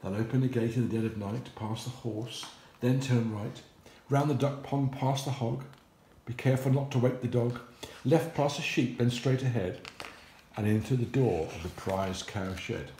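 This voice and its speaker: A grandfather reading aloud, voicing a tiny, clever female ladybird who passes on a hurried, hushed warning. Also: mid-range voice, echoey room, slight background noise, lightly acted. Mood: urgent.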